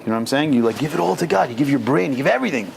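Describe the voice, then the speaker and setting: A man's voice: mid-range voice, expressive, very fast, creaky, slight background noise. A man teaching an informal Torah class, talking casually and animatedly with slang and Hebrew terms mixed in. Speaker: rabbi teaching a weekly class. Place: synagogue lower-level room.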